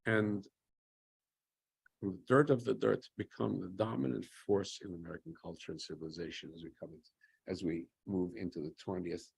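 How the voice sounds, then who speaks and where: Male lecturer with a husky voice. He asks himself questions, answers them with dry humor and keeps it conversational. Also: low voice, fairly even intonation, normal speed, darkish tone. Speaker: lecturer on Jewish history. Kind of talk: informal history lecture.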